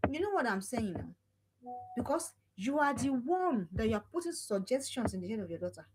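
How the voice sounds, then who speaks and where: A middle-aged woman lectures parents in a high, lively voice. She repeats herself for emphasis and scolds as she exhorts. Heavy background noise runs under the recording. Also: a little fast. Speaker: parenting coach. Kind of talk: motivational talk to parents.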